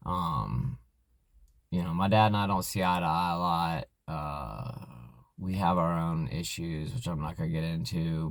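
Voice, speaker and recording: Deep-voiced man, halting and earnest. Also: no room sound. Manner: halting, earnest, many fillers and restarts; candid, emotional retelling. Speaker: vlogger in alcohol recovery. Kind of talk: personal story vlog.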